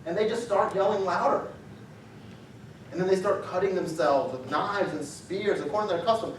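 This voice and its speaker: Animated preacher in an echoey church. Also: male voice, sits high, normal speed, slight background noise. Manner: animated, acts out the story with raised voice for quotes. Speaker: pastor. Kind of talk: sermon. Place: church sanctuary. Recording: echoey church sanctuary, mic at a distance.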